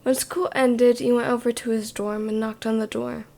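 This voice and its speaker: Woman narrator for whispered role-play, hushed second-person telling, highish voice with fry. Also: little pitch movement, moderate pace. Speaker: storyteller.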